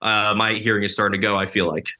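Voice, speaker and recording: A man's voice: lowish voice, level tone, fast talker, pushed and bright. A man in his twenties chatting casually, rambling with lots of fillers. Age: 20s. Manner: rambling, many likes and ums. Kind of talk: casual conversation.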